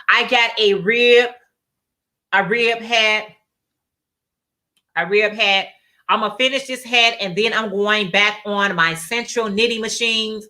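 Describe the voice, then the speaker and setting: A woman's voice: mid-range voice, sharp tone. A woman hosting a casual craft livestream, chatting and reading out viewer comments with frequent laughs and repeated phrases. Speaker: livestream host.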